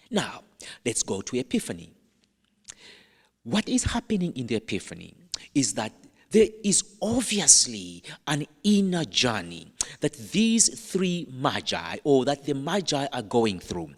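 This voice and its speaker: A man with an African accent delivers a homily as a priest, his voice swinging widely in pitch as he tells a story with playful humor and dramatic pauses. His mid-pitched voice rings out with a long reverb, as in a church. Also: big pitch swings. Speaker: Catholic priest. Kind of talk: storytelling sermon.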